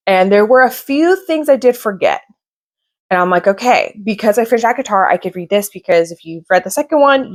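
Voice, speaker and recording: A woman book vlogger chatting casually through a reading wrap-up, gushing and rambling about what she read. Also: lowish voice.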